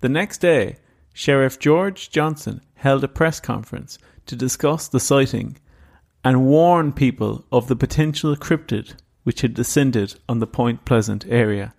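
A man's voice: medium pitch, measured pace, gravelly, a little mellow. A man co-hosting a paranormal podcast, chatting casually and reading story notes aloud. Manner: reads story notes, easily spooked. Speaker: podcast co-host. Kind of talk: casual chat and read narration.

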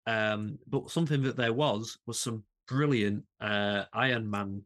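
Excitable podcast co-host man. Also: fairly low pitch, a little slow. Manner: enthusiastic, stumbling restarts, laughs often. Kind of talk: casual chat.

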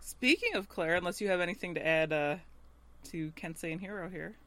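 A woman's voice: on the low side, no room sound. A woman co-hosting a casual podcast, recapping a TV episode and acting out the characters' lines with lots of laughter. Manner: animated, laughing, acts out characters' lines in quick voices. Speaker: podcast co-host recapping a TV show. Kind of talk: casual chat.

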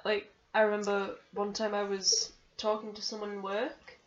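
A woman's voice: mid-range voice, monotone. A young woman co-hosting a casual podcast, chatty and teasing. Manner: quick-witted, teasing, chatty. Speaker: podcast co-host. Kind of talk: casual chat. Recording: slightly dull lo-fi sound.

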